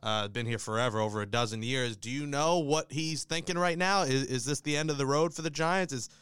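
A man's voice: medium pitch, a little fast, fairly bright tone, clean tone, no room sound. A man hosting a radio interview, asking direct, probing questions. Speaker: radio host.

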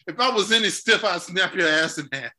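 Seething spool of thread, low quiet growl, man playing. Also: expressive, a little fast, full character voice.

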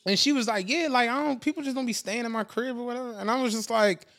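A man's voice: very high-pitched, quick pace, a bit bright. A man co-hosting a podcast, telling a long story in casual chat, laughing often and acting out the voices of people he quotes. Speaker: podcast co-host.

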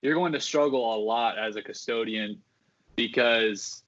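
On a podcast, a man who once worked as a theme park custodian casually recounts stories from that job, full of fillers and restarts. He talks a little slowly in a mid-range, slightly bright voice, and the audio is dull.

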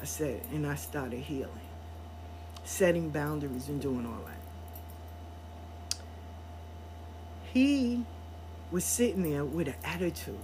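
A woman hosting her own show, telling a personal story in a candid, profane way. She laughs often mid-sentence and turns quiet and reflective when she talks about healing. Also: deep voice, animated, slow, long pauses, slight background noise.

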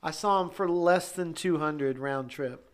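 A man in casual chat, easygoing and offering relaxed advice. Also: a little high, unhurried.

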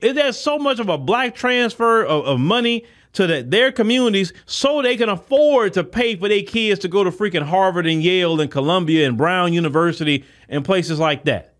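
A man's voice: sits high, lively intonation, normal speed, hardly any pauses, a bit bright. A man. He is emphatic and repeats himself, in a casual podcast monologue. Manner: emphatic, repetitive, talks straight to listeners. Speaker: podcast host.

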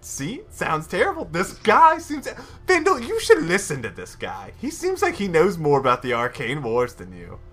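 A jittery official with a sharply raised voice, as a man puts him on, stammering and hedging around every question. His pitch swings widely as he dodges. The tabletop session has faint music behind it. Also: wildly swooping pitch, normal speed, few pauses, a bit bright, heavily acted. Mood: flustered. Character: nervous evasive male magister, middle-aged official.

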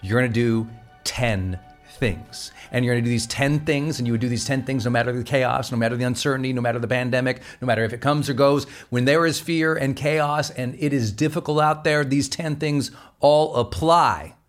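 Man, motivational podcast host, fired up, emphatic, punchy delivery, loud pushes and low asides. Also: fairly quick, soft background music. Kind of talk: motivational monologue.

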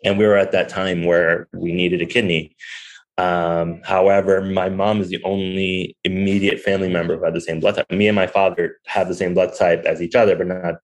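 A young man who owns a restaurant tells a personal story as a podcast guest, candid and rambling with many fillers. His voice sits low, his delivery is flat and a little fast, and the audio is poor.

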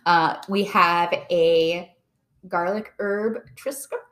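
Low-voiced playful woman podcaster. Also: steady tone, slow, fairly bright tone. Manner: playful, jokey, rambling tangents. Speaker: podcast co-host. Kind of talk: casual chat.

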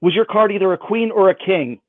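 Playful magician on a tinny line. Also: male voice, high-pitched, brisk, dry recording. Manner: playful, self-mocking patter. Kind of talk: online magic performance. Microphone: video call. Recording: dry, phone-like band.

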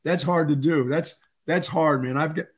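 An older man co-hosting a sports talk show, telling lively stories and acting out quotes. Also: on the high side, moderate pace, husky. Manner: animated storyteller, acts out quotes. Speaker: sports radio co-host.

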